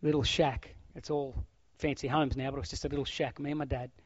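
A middle-aged man preaching a sermon, swinging from loud exclamations to hushed, almost whispered lines. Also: medium pitch, little pitch movement, quick pace, husky, no echo. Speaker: pastor. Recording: dull, dry lo-fi sound.

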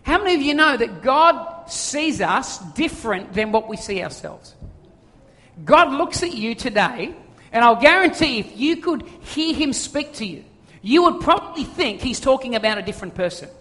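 Preacher, chatty joking sermon, mid pitch, long hall echo. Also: sing-song, normal speed, pushed and bright. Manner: conversational, joking storyteller. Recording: long reverb of a large hall.

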